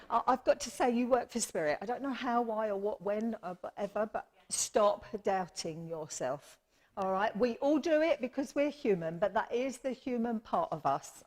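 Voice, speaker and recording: A woman medium giving readings at a church service, chatty and affectionate, often calling people her lovely and apologising. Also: mid-range voice. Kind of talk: live mediumship demonstration.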